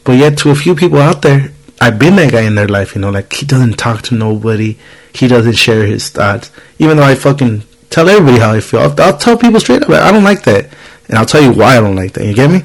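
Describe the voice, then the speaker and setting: A man in his thirties hosts a podcast, telling a story in casual chat with a medium-pitched, expressive voice at a quick pace. He swears freely and acts out the people he quotes, all on a rough recording.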